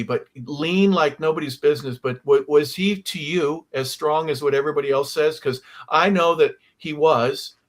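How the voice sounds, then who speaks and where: A man's voice: on the high side, fairly bright tone. A man hosting a sports talk show, asking long, rambling questions full of restarts.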